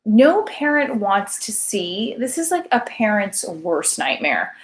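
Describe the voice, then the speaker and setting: A woman in her thirties hosts a late-night livestream and chats casually with her viewers. She sounds tired but keeps talking, joking at her own expense, and her voice sits at an ordinary middle pitch. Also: big pitch swings, takes it slowly. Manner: chatty, self-deprecating, tired. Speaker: show host.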